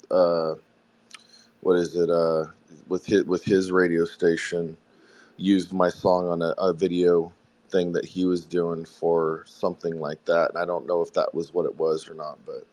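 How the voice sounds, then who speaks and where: A man from South Carolina with a faint Southern accent, telling the story behind his song in a relaxed, rambling way during a casual interview. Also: sits low, unhurried, rough recording. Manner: rambling, friendly storytelling with fillers. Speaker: songwriter guest.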